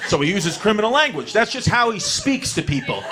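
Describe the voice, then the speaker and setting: Drunk male stand-up comedian, brash and profane, with a high voice. Loud, noisy live recording. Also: very animated, brisk. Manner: brash, profane, shouting punchlines.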